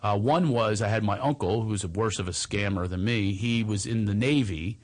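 A man's voice: fairly low pitch, normal speed. A man hosting a podcast, telling stories in casual chat and laughing often. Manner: animated storyteller, laughs often. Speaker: podcast host.

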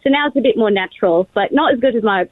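A woman's voice: on the high side, lively intonation, fast talker, no echo. A woman from Brooklyn calling in, chatty and self-assured. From Brooklyn, New York. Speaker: caller. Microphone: phone line. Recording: dry tinny phone line.

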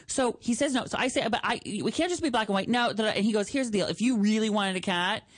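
Co-hosting a radio show, a woman tells a story in casual chat, lively and animated, using squeaky put-on voices. She speaks quickly, and the sound is studio quality with no echo.

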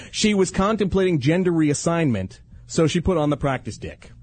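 A man's voice: fairly high pitch, expressive, unhurried, a little mellow, slightly rough, no room sound. A middle-aged man co-hosting a casual talk show, teasing his partner and laughing often. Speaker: co-host. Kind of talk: casual podcast banter.

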